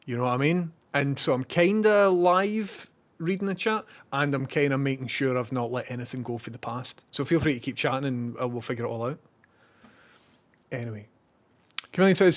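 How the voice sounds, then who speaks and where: A man's voice: mid-range voice, moderate pace. A man with a Scottish accent, a live streamer telling a rambling story and reading out viewer messages.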